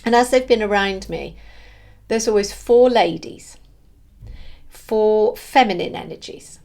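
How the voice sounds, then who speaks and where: A woman giving an earnest, emotional spiritual monologue, halting and restarting as she searches for words. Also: medium pitch, creaky, a little mellow. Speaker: spiritual vlogger.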